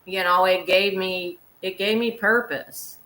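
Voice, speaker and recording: A woman guest chatting casually on a show, candid and animated as she tells her stories. Her voice is bright. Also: medium pitch, unhurried, rough recording. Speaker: guest wildlife photographer. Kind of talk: casual chat.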